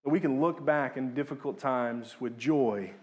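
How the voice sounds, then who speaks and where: At a normal speed, a young man preaches earnestly, rising to emphatic peaks and dropping low on key words.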